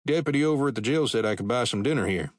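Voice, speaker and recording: A man voicing a somber, imposing cowboy drifter in an audiobook western, terse and even-toned. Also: mid-range voice, rapid-fire, no room sound, studio quality, lightly acted.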